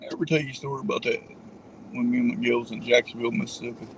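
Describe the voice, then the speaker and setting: A man's voice: mid-range voice, flat delivery, rapid-fire, slight background noise, rough recording. A man riding along in a car, telling a road story casually with plenty of cursing. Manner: profane, laughing storyteller. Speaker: passenger, former truck driver.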